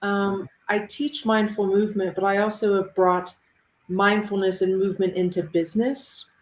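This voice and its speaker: Measured woman on an echoey video call. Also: medium pitch, little pitch movement, slight background noise. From Ohio, United States. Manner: measured, thoughtful, with pauses and fillers. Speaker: interview guest, mindful movement teacher. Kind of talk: casual interview answers. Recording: roomy echo.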